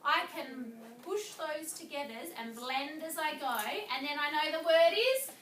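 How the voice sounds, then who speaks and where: A woman teaching a reading lesson in a classroom, speaking slowly and clearly and drawing out words as she claps their syllables. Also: sits high, animated, a bit bright, distant mic. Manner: slow, clear, drawn-out words clapped in syllables. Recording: echoey classroom recorded from afar, with noise.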